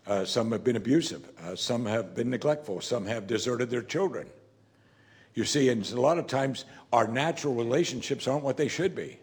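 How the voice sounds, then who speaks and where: Guy preaching a sermon, medium pitch, chatty and emphatic, keeps saying you see. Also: lively intonation, normal speed. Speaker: pastor.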